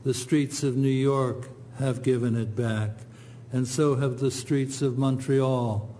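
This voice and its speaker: Brief: male poet at a reading, low-key dark tone, flat measured delivery. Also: slight background noise. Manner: slow, measured, even recitation. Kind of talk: poetry reading.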